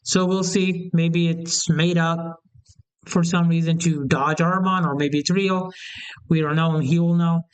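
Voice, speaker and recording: A man's voice: fairly high pitch, level tone, measured pace, clear, resonant tone, rough recording. A young man giving a heated, rambling opinion rant about fight events, often restarting his sentences. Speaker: MMA commentator. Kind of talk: casual opinion rant to camera.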